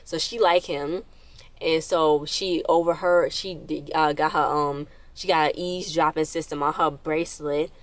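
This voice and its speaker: A woman with a low voice rambles through a casual episode recap, stopping and restarting as she goes. The sound is close and dry, with no room around it. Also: steady tone, measured pace, no room sound. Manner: rambling, loose retelling with many fillers and restarts. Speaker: episode reviewer.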